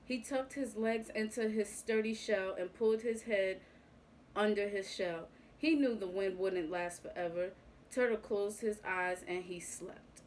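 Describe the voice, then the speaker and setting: A woman reading a picture book aloud to young children. She takes it very slowly and tells it with a gentle, expressive touch, at a middle pitch. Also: a little hiss or hum, rough recording.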